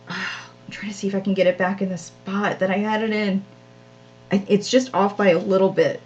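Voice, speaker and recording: A woman's voice: medium pitch, steady tone, moderate pace, faint music behind. A woman hosts a live craft stream, rambling casually and poking fun at herself as she works. Her voice sits in an ordinary middle range. The sound is a little dull and lo-fi, like a home live-stream. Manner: chatty, self-deprecating, frequent laughs. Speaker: craft channel host.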